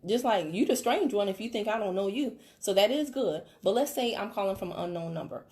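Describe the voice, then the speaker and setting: A woman coaching a team member on a call, talking in an animated way, laughing and acting out quotes. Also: mid-range voice, brisk. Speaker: business coach.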